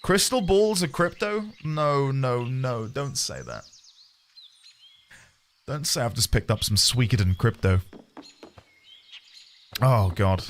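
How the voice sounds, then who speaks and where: Animated joking male streamer. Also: medium pitch, measured pace, long pauses, slight background noise. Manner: joking, self-mocking, animated. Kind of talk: casual gameplay commentary.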